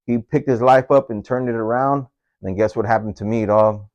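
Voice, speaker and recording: A man's voice: medium pitch, fairly even intonation, moderate pace, a little mellow, lo-fi sound. A man, casually telling a personal story in street slang, tagging his phrases with homie, dog and fool.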